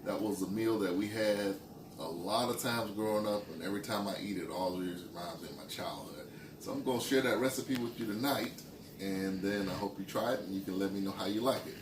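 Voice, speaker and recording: A man's voice: fairly low pitch, brisk, noisy background. Laid-back man cooking in a kitchen. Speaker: home cook. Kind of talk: casual cooking tutorial. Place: home kitchen, stove sizzling behind.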